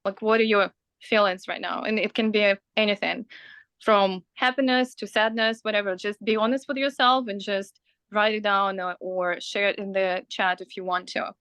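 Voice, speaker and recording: A woman's voice: medium pitch, steady tone, normal speed, fairly bright tone, smooth, no room sound. A woman co-hosting a parenting course on a video call, speaking in a reassuring, casual teaching manner.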